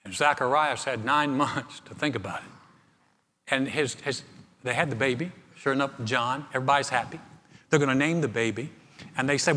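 A man's voice: medium pitch, brisk, bright, forceful tone. Man preaching with long hall reverb. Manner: storytelling, humorous, repeats words. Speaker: pastor. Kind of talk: sermon. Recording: long reverb of a large room.

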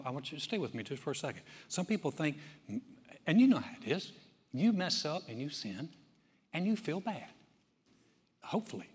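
Pastor, male, conversational sermon voice, slightly high, long church-hall reverb. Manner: conversational storytelling with many restarts. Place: church sanctuary.

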